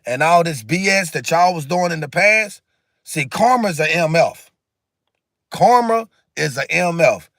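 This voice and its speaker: A man runs a casual livestream, responding to viewer comments in an emphatic, repetitive, preachy way. His voice is fairly high and a little bright, with lively intonation and an unhurried pace, recorded at studio quality with no echo.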